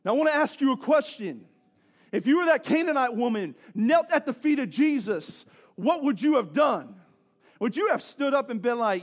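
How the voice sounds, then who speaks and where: A man's voice: very high voice, sing-song, moderate pace. A male pastor giving a sermon in a conversational way, with joking asides and questions to the congregation.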